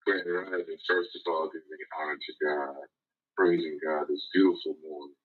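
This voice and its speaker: A man calling in to a talk show, earnest and a little halting, with repeated words. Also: extremely low pitch, fairly even intonation. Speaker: caller. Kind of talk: phone-in call to a talk show. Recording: tinny phone line.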